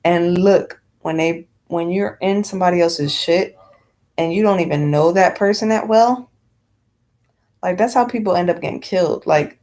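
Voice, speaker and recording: A woman's voice: on the low side, moderate pace, a little mellow. A woman talking bluntly in a casual vlog rant, rambling with many fillers and swearing freely. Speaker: vlogger.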